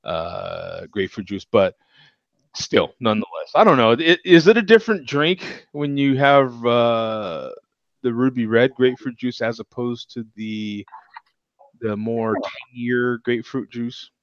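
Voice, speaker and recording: A man's voice: mid-range voice, animated, a little slow, no room sound, muffled recording. A man hosting a casual beer chat show, talking loosely and chuckling as he rambles. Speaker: host.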